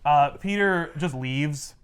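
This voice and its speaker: A man's voice: fairly high pitch, slow, background noise. A man in casual chat, retelling a comic story and acting out the characters' lines. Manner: animated, acts out characters' lines with voices. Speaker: podcast co-host recapping a comic.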